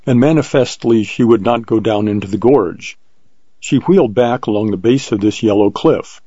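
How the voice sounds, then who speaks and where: A man reading an adventure story aloud in a measured, vivid way, on a dull lo-fi recording. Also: on the low side, warm tone, no echo. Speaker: narrator. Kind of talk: scripted narration of an adventure story.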